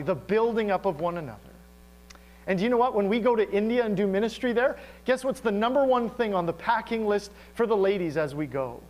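Man, pastor, sermon, high-pitched, animated, rhetorical questions, mains hum. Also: low-quality recording.

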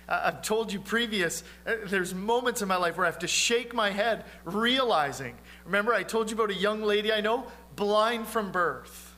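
Bright, high-voiced preaching man. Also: a little hiss or hum. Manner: earnest, conversational preaching with rhetorical questions. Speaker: pastor. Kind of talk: sermon.

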